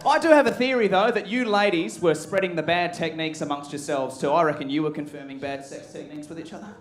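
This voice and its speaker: A man's voice: on the high side, quick pace. An Australian man in his thirties doing crude, punchy stand-up as the show host, talking straight to a live crowd. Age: 30s. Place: comedy club stage with laughing audience.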